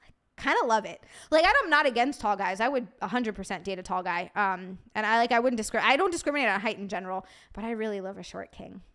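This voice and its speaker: A woman's voice: mid-range voice, expressive, quick pace, a bit bright. A young woman live streamer in casual, profane, bubbly banter with her viewers.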